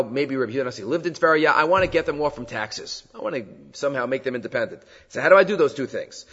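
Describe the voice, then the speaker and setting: A man teaching a Talmud lesson in a fairly high, lively voice. He chants the quoted texts before explaining them. The sound is dull and lo-fi, with a long reverb tail like a big hall. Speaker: Torah teacher.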